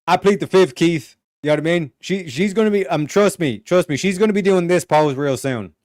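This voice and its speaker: A man giving a casual reaction commentary on a show clip, excitable and profane, laughing often and swinging between loud outbursts and hushed remarks. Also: high-pitched, brisk, dry recording, studio quality.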